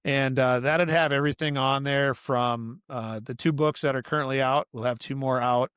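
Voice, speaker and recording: In a casual interview, a middle-aged author and coach appears as a podcast guest, talking in an earnest, meandering way and peppering his thoughts with "you know" and "like." His smooth, resonant voice sits in the mid-range, a bit bright, with fairly even intonation at a normal speed. The recording is dry and close, with no room echo.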